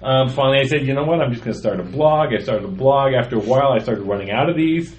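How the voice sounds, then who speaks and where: A man's voice: mid-range voice, lively intonation, quick pace, darkish tone, dull audio. A man on a podcast, chatting casually and reading his own poems aloud. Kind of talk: casual chat.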